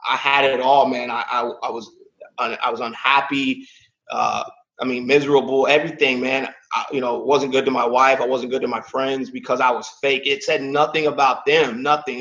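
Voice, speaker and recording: A man's voice: mid-range voice, fairly bright tone, highs cut off. A man in his thirties, a podcast guest, telling a personal story in a casual, emotional way, with "man" and "like" in almost every line. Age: 30s.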